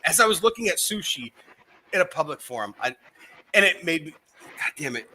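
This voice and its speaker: A man chatting casually on his podcast with a very bright, ringing tone. He rambles, swears freely and laughs at his own stories. His voice sits a little high. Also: animated, brisk. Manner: rambling, profane, laughing at himself. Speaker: podcast co-host. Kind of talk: casual chat.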